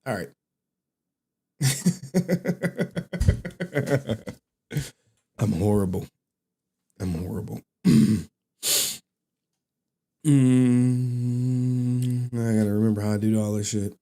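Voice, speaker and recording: A man hosting a live stream, chatting casually in an animated, rambling way and laughing often. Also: medium pitch, extremely slow, long pauses. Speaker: streamer, host.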